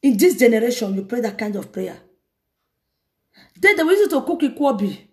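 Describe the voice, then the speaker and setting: A woman evangelist, preaching in an animated way and breaking into laughter often. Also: a little high, brisk. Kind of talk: sermon.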